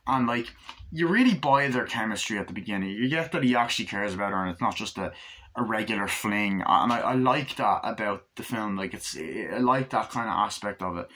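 A man's voice: on the low side, fairly bright tone. A man casually reviewing a film for his vlog, enthusiastic and swearing freely as he acts out scenes. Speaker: movie reviewer.

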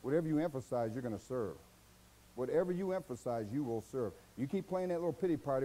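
Folksy American preacher, lively swings. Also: male voice, medium pitch, fast talker, low-quality recording. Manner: folksy, exhorting, rhetorical questions and mimicked voices. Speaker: pastor. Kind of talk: sermon.

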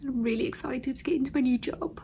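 Her voice is high, quick and mellow, with a little hiss or hum in the recording. She's a newly qualified nurse in her thirties with an English accent, talking casually to camera from an emptied room at home, teary and emotional and frequently dropping to a whisper.

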